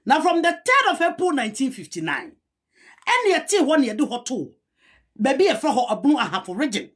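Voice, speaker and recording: A woman with a Ghanaian accent delivers heated, argumentative commentary rebutting a historian, switching between a local language and English. Her voice sits high and is very animated and brisk.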